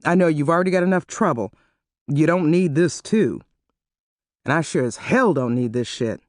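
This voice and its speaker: A woman narrator voicing a panicked, sweating man who pleads in a shrill, desperate voice. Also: lively intonation, normal speed, dry recording, clean studio sound. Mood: flustered. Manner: shrill and high-pitched.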